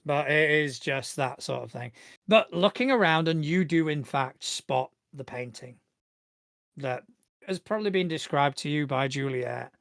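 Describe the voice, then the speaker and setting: A man's voice: fairly high pitch, animated, measured pace, creaky, fairly bright tone, dry recording. A man narrating as game master of a tabletop game, describing scenes in a rambling, easygoing way with many fillers.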